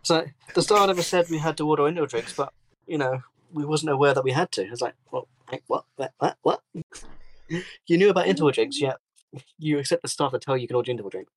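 A man's voice: on the high side, fast, no room sound, rough recording. A man co-hosting a podcast, telling workplace stories in casual chat and swearing freely. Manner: swears freely, animated storytelling. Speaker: podcast co-host.

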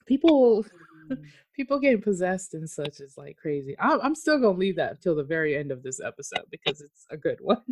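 Woman podcast host, chatty and expressive, voice bouncing all over. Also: on the low side, moderate pace. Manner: expressive, laughs often, chatty. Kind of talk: casual chat.

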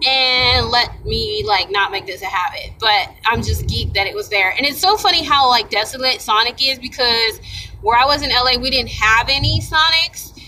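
A young woman from Ohio telling a chatty, excitable, slangy vlog story, recorded in a car. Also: on the high side, moderate pace, slight background noise, rough recording.

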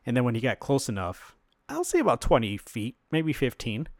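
A man chats casually on a podcast, walking through a comic book's plot scene by scene. He acts out the characters' lines in quick quoted bits and drops casual swears. His voice sits at a middle pitch in a dry, close room with no echo. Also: wildly swooping pitch, darkish tone. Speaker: podcast co-host. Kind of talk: casual chat retelling a comic book.

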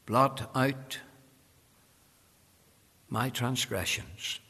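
A man preaching a sermon with great passion, swinging from loud cries to hushed endings and calling the listener "friend". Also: mid-range voice, slow pace, long pauses, big-room sound. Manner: addresses the listener directly as friend.

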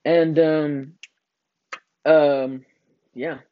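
A man's voice: a little high, little pitch movement, very slow, dry recording, lo-fi sound. A teenage boy hosting a casual podcast with a friend, rambling and joking with frequent laughs. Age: teens. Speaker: podcast host.

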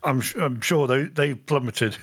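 A man's voice: mid-range voice, moderate pace, fairly bright tone, breathy edge, no echo, clean studio sound. A man co-hosting a podcast in casual chat, speaking hesitantly and filling his talk with "you know". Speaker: podcast co-host.

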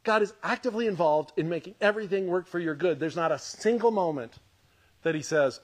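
A man's voice: high voice, brisk. A man preaching a podcast sermon in a conversational, emphatic way, repeating his points and laughing often. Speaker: pastor.

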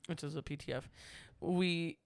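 A woman's voice: deep voice, fairly even intonation, moderate pace, creaky, no room sound, studio quality. A young woman telling work stories in a casual chat, packed with "like" fillers. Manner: chatty, storytelling, heavy "like" filler.

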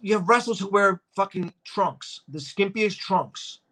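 A young man co-hosting a casual podcast, swearing freely and joking through quick banter. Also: high-pitched, sharp tone. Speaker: podcast co-host. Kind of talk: casual wrestling chat.

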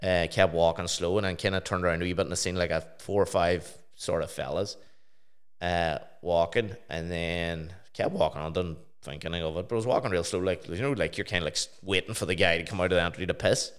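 A man's voice: quick pace, clean tone. A young man telling stories and swearing casually on a podcast. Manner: swears freely, storytelling in a low mumble. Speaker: podcast co-host, DJ.

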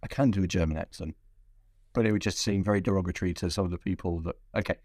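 A man hosts a casual podcast in a fairly low voice, playful and rambling as he restarts his sentences. The sound is dry and close. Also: fast, darkish tone, dry recording. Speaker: podcast host.

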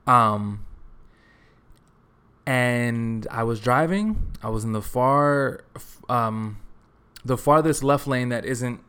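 Young guy from texas rambling thru a story on his podcast, chill and jokey, mid-pitch voice. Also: clear, resonant tone. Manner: relaxed, joking, rambling with fillers. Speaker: podcast host. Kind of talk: casual solo podcast storytelling. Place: his apartment.

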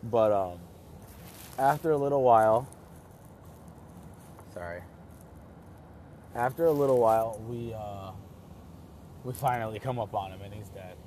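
A young man casually telling a story, rambling and excitable, with many restarts and fillers. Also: fairly low pitch, a little slow, pauses often, slight background noise.

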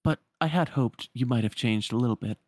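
A man's voice: mid-range voice, brisk, darkish tone, no room sound, clean studio sound, lightly acted. A man doing a spirited young heroine. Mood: gently chiding.

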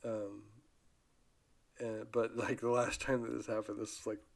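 A man's voice: on the low side, unhurried, gravelly. A man hosting his own podcast, talking casually in a loose, rambling way with frequent restarts. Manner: rambling, relaxed, with many restarts. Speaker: podcast host. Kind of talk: casual solo podcast talk.

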